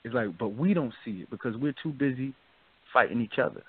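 A man's voice: medium pitch, animated, brisk, husky. A man hosting a radio talk show, chatting loosely and often asking "you feel me?". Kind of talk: casual discussion. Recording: dry, phone-like narrow sound.

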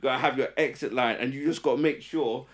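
A man co-hosting a casual podcast chat, animated, reading a listener's question aloud. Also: mid-range voice, fast talker. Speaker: podcast co-host.

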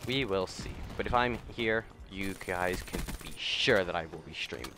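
A young man with a slightly low voice narrates his own gameplay in a loose, rambling way. His talk drifts between topics, then he breaks into sudden profane jabs at other players. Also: moderate pace, noisy background. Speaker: gaming YouTuber and streamer. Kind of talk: casual gameplay commentary.

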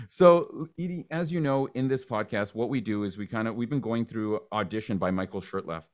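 A man's voice: fairly low pitch, moderate pace, darkish tone. A man hosting a podcast, playful and jokey, with big announcer-style openings. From Canada. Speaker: podcast host. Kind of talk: casual interview chat.

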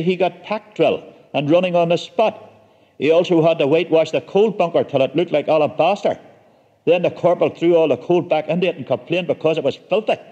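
A man's voice: a little high, dark tone, long reverb tail, muffled recording. A man telling a comic story with dry, wry humor.

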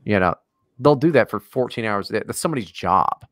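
Animated, profanity-laden male podcast host. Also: on the low side, brisk, no echo, studio quality. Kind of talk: casual chat.

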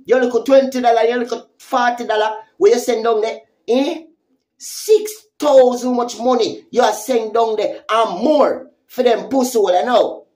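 A woman's voice: on the high side, normal speed, darkish tone. A woman with a Jamaican accent giving a heated, profane vlog rant, confronting someone with repeated taunting questions. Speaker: social media commentator.

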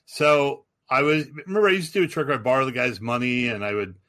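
A man, a stand-up comedian and podcast host, telling animated anecdotes in casual chat. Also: medium pitch, fast.

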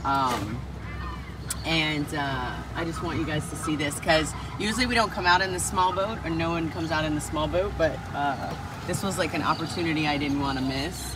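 A woman hosting a live-stream vlog from a small boat on a crocodile lake, chatty and excitable, greeting and thanking viewers. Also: deep voice, moderate pace. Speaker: vlog host. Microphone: phone held by the speaker. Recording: loud boat engine noise outdoors.

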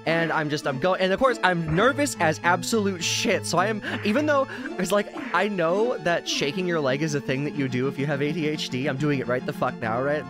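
Brief: slightly high-voiced male streamer, rambling and casually profane, game music clearly audible underneath. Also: a little fast. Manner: rambling, tangential, swears casually. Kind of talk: casual storytelling while playing a game.

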